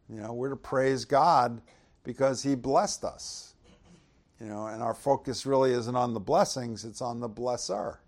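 A man's voice: mid-range voice, steady tone, unhurried. Man preaching with rhetorical questions. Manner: conversational preaching, frequent "you know", rhetorical questions; loud dramatic swells when reading verses. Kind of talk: sermon with scripture reading.

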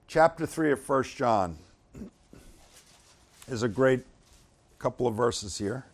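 A man teaching from the Bible in a relaxed, conversational way, at a mid-range pitch. He stays easygoing between the verses and grows emphatic whenever he reads Scripture aloud. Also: takes it slowly.

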